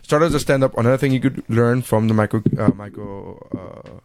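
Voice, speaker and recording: A man in his thirties talks through a story on a podcast, animated and loose with his swearing. His voice sits in a mid range and sounds dry, close to the mic. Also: medium pitch, a little fast, smooth, no echo. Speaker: podcast host. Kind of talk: casual chat.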